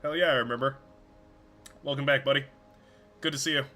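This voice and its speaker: Bright-voiced male game streamer. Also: mid-range voice, steady tone, brisk, faint music behind. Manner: rambling, stumbles over words, swears casually. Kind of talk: casual live-stream commentary.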